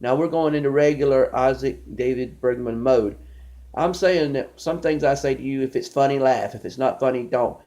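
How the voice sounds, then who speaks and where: A man's voice: mid-range voice, normal speed, dark tone. A man doing a rambling, conversational stand-up comedy monologue, storytelling with many restarts.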